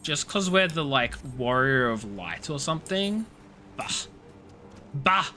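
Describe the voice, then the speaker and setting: A tired male streamer, yawning and muttering playful complaints as he plays. His voice is bright and his pitch lively. Faint game music sits underneath. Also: normal speed. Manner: playful, muttering, self-mocking. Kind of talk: casual gaming stream chat.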